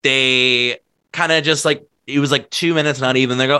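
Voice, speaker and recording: A man's voice: medium pitch, steady tone, moderate pace, pushed and bright, clean tone, dry recording. A man telling stories in casual chat, rambling and packed with filler words. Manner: laughs while telling stories.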